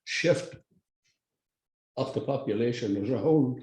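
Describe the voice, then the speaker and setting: An older Irish man, a podcast guest, talking in a halting, blunt way with frequent restarts and swearing. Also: medium pitch, darkish tone, echoey room, poor audio. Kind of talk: casual conversational interview.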